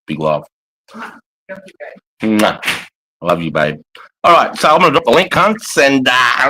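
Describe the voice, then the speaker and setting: A man's voice: mid-range voice, very animated, measured pace, long pauses, bright, forceful tone, a little hiss or hum, low-quality recording. A middle-aged Australian man hosting a livestream from his couch at home, chatting in a casual, sweary way and calling everyone mate. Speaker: livestream host. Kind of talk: casual live chat.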